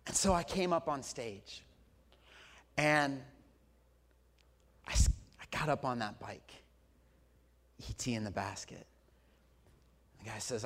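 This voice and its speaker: A man in his forties preaching a sermon as a pastor, telling a story with animated swings from loud to hushed. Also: mid-range voice, slow pace, long pauses.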